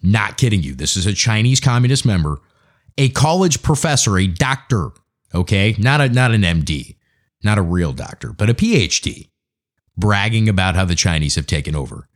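With a fairly low, expressive voice at normal speed, an American man rants his opinions on his podcast in a profane, conversational style.

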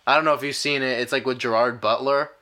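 A man's voice: medium pitch, steady tone, quick pace. A man hosting a podcast in casual chat, musing through tangents and chuckling along. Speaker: podcast host.

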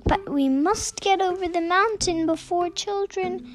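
A chorus of tiny pleading toys, as a woman puts them on, high and begging. Storybook voice, drawn out and earnest. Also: a little slow.

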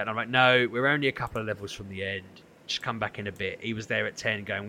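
A podcast co-host tells a long, casual story, animatedly acting out many quoted voices. His pitch is fairly low and he talks fairly quickly, with a little hiss or hum in the audio.

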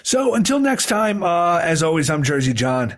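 A man's voice: a little high, very animated, normal speed. A man in his thirties co-hosting a podcast, swearing freely and rambling with restarts. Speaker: podcast co-host. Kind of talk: casual crude podcast banter.

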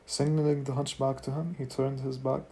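A man reads a fantasy novel aloud in the first person as an amateur audiobook, now and then slipping in asides of his own. His mid-range voice is gravelly and mellow, with a level tone and a brisk pace. There's slight background noise.

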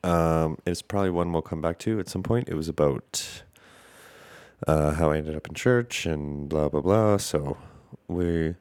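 A man with an extremely low voice talks through a casual podcast monologue, congested and breathing through his mouth. He rambles and hesitates with plenty of fillers and a tired, self-deprecating air. The sound is dry and close, with no room around it. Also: unhurried, darkish tone, clear, resonant tone, no room sound. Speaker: podcast host.

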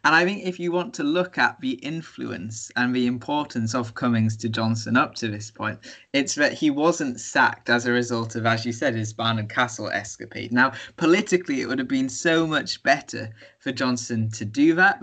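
A young man co-hosting a casual student podcast, joking in a dry, playful way. His voice is bright and forceful, at a middle pitch for a man. He is heard over a video call. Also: moderate pace. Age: young adult. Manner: dry, playful, repeats words. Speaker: podcast co-host. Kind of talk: casual chat and mock commentary.

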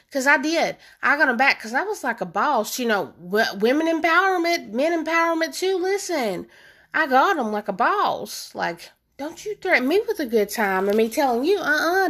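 A woman telling her viewers a personal story in an animated, emphatic, casual way, often calling them y'all. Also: fairly high pitch. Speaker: vlogger.

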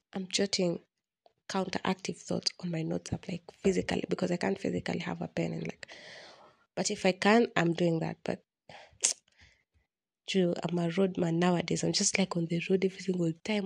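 A woman's voice: on the low side, gravelly, a little mellow, breathy edge. A woman hosting a solo podcast, talking candidly and rambling like a journal entry, poking fun at herself. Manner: candid, rambling, self-mocking with laughs. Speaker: podcast host.

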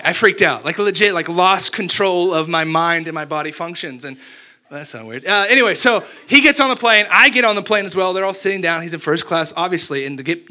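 Young guy preaching, bright voice, acts out his thoughts, goofy and animated. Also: fairly high pitch. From Abilene, Texas. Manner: animated, self-mocking storyteller acting out his own thoughts. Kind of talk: storytelling sermon.

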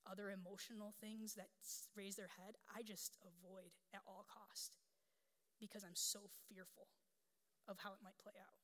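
A woman's voice: on the high side, a bit bright. A woman pastor in her thirties preaching a sermon in a candid, conversational storytelling way. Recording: long hall reverb.

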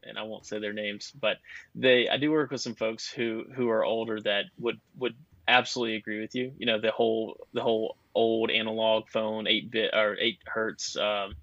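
A man's voice: on the low side, flat delivery, normal speed, fairly bright tone, no room sound, lo-fi sound. A man on a podcast explaining phone networks in a rambling, casual way, full of fillers and restarts. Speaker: guest expert on cell networks.

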